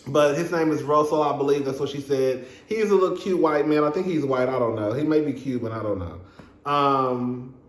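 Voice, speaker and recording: A young man reviewing a reality show in casual, sassy chat, calling his viewers "girl" and laughing between remarks. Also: fairly bright tone. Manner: frequent fillers and laughs, quick high-pitched asides. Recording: echoey room.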